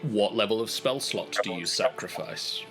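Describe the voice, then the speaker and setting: A man narrating a tabletop game as game master, unhurried and gently amused. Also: fairly low pitch, faint music behind, rough recording.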